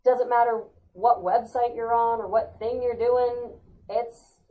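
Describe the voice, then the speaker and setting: A woman's voice: slow pace, poor audio. Playful, upbeat woman host. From California. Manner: upbeat, playful, jumps into high excited put-on exclamations. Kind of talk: casual weekly spiritual talk.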